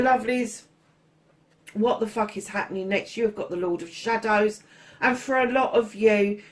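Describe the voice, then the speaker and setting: A woman doing a casual tarot reading, chatty and blunt, swearing freely and calling her listeners darlings. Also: medium pitch. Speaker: tarot reader.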